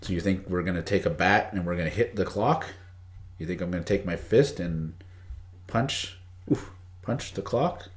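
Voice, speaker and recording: A low-voiced man speaking a little fast runs a casual live-stream lesson on English idioms. He's chatty, welcoming viewers by name and reading their chat messages aloud, and the room sounds echoey.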